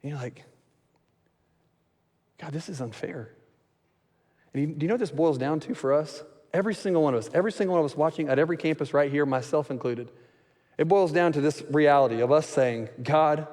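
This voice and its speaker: Male pastor, high voice, animated sermon with acted-out quotes, long hall reverb. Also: fast.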